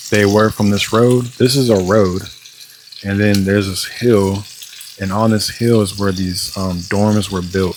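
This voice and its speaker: Frying sounds and faint noise fill the kitchen as a young man with a lowish voice vlogs while cooking, telling a profane, exasperated story packed with fillers. The recording quality is low.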